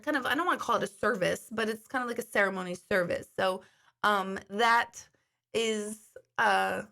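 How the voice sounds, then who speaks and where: A woman in her forties chats casually to her live-stream viewers. Her voice has a gravelly, creaky edge. She drifts between rambling stories and reading comments aloud. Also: medium pitch, bright, forceful tone. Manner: chatty storytelling, reads viewer comments aloud. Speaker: intuitive hosting a live stream.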